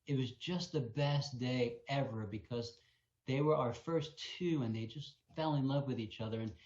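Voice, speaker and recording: A man's voice: medium pitch, moderate pace. A man co-founding a wolf sanctuary, telling a story in a live Q&A and acting out the sounds. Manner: animated storyteller, acts out sounds. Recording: echoey, muffled sound.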